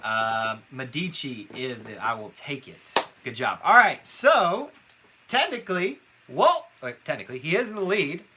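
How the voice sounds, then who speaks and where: A man's voice: mid-range voice, very animated, a little slow, pushed and bright, a little hiss or hum. A man co-hosting a live trivia night, reading out scores and teasing his co-host in a casual chat.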